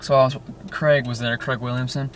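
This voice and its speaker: A man's voice: mid-range voice, flat delivery, fairly quick. A teenage guy vlogging casually from his car, rambling with many restarts and fillers. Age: teens. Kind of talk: casual daily vlog. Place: inside a car. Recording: distant mic with loud car noise.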